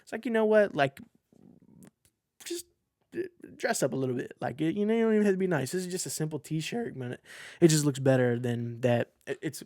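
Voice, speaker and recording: A man's voice: on the high side, animated, a little fast, warm tone, dry recording, studio quality. A man in his twenties hosting a podcast from his desk at home, telling a personal story to the camera in an earnest, rambling, candid way. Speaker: podcast host. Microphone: facing a camera at his desk.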